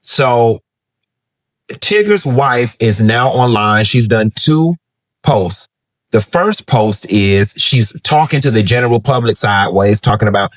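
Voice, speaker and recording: A man's voice: mid-range voice, lively intonation, a little slow. A man hosting celebrity gossip commentary, ranting in a sassy, blunt and profane way. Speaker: host.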